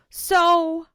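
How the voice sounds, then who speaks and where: A woman's voice: very high-pitched, sharp tone, no echo, clean studio sound. A young woman co-hosting a casual rewatch podcast, recapping scenes with playful voiced quotes. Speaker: podcast co-host.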